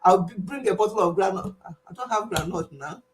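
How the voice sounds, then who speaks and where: A woman's voice: medium pitch, animated, brisk, a little hiss or hum. A woman hosting a casual live stream, playful and often laughing as she imitates her viewers. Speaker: channel host closing a live stream.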